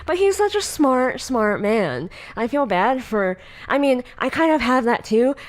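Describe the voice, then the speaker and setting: A young Californian woman with a Valley Girl accent hosts a podcast, chatting casually, laughing often and leaning on fillers. Her pitch is fairly high, her delivery very animated, and her pace a little slow.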